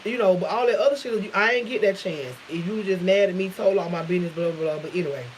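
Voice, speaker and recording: A woman's voice: lowish voice, fast, slight background noise, rough recording. A woman vlogger casually retelling a dramatic story, swearing freely and acting out what others said. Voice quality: profane, dialect-rich, acts out quotes. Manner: animated retelling with shifting quoted voices.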